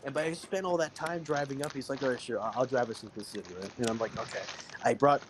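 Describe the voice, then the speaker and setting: A man's voice: medium pitch, steady tone, quick pace, noisy background. A man telling a long, rambling story on a casual podcast, filling it with "right?" and "you know". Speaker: podcast host.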